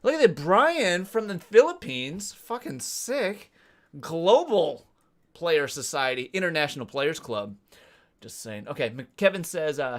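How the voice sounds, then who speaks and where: A man in his forties hosting a casual live stream, telling rambling, profane travel stories between chat messages. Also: fairly high pitch. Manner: rambling, profane storytelling while reading chat. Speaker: cycling channel host.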